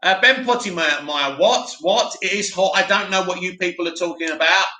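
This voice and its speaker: A man hosting a live stream, chatting casually and answering viewer comments in an animated way. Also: high-pitched, moderate pace, reverberant. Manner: chatty, animated, mocks a dramatic voice.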